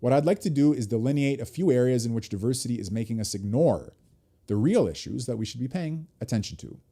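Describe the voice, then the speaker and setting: A man hosting a livestream, reading an article aloud at an even pace and stopping now and then for short asides of his own. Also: medium pitch, fast talker. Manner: reads text aloud, breaking off for brief asides.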